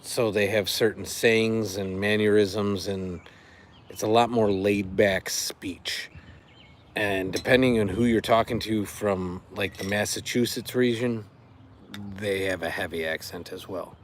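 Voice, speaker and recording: Low-voiced dad chatting on a livestream. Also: male voice, measured pace, slight background noise. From Chicago area, USA. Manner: relaxed, chatty, rambling with fillers. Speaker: livestream host. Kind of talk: casual live-stream chat with viewers.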